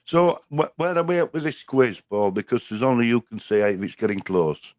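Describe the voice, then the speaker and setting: A man's voice: mid-range voice, lively intonation, brisk, darkish tone, no echo, clean studio sound. An older man with a Yorkshire accent, co-hosting a casual live stream, reading out viewer comments and joking. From Yorkshire, England. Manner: chatty, reads viewer comments aloud, jokey.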